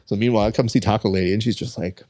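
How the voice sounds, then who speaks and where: A young adult man hosting a podcast, chatting casually and telling lively stories, acting out the people he quotes. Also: on the low side, very fast. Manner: animated storyteller who acts out quoted people. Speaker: podcast host. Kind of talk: casual chat.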